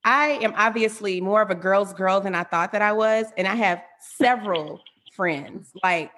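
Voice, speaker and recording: A woman's voice: mid-range voice, a bit bright. Supportive woman in podcast chat. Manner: supportive, quick affirmations. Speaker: co-host.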